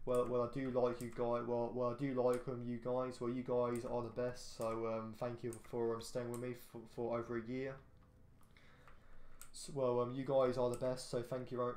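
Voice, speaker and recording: A man's voice: medium pitch, a little mellow. A teenage boy rambling through casual gameplay commentary, repeating himself and grumbling at other drivers. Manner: rambling, repeats himself, quick outbursts at traffic. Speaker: gaming channel host. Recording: roomy echo, faint background noise.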